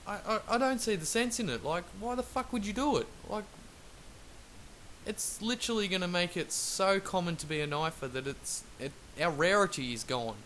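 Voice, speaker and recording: A man's voice: high voice, expressive, normal speed, fairly bright tone. A man giving an angry, profane, rambling rant over gameplay as a gaming video maker. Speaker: gaming YouTuber. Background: faint traffic noise.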